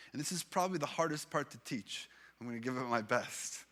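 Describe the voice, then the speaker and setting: A male pastor with a Canadian English accent preaches earnestly, reading psalms aloud and giving the scripture real emphasis. His voice is bright and forceful, mid-register for a man, at a moderate pace.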